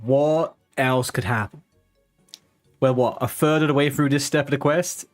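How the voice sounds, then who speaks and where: Faint music plays behind a man who's streaming a game live, muttering to himself and chatting with viewers as he plays. He swears a lot when frustrated. His mid-range voice keeps a normal speed.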